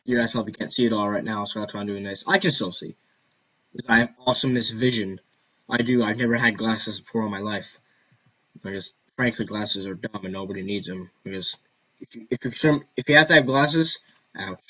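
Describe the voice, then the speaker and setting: A man's voice: fairly low pitch, brisk, pushed and bright, slightly rough, lo-fi sound. A man giving casual gameplay commentary, rambling and joking to himself. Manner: rambling, jokey self-talk. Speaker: gaming video host.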